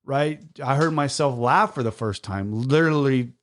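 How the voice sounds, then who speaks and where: A man's voice: mid-range voice, moderate pace. Earnest, rambling man with a mid-range voice. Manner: earnest, rambling, tag questions. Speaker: podcast co-host. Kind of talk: casual recovery group chat.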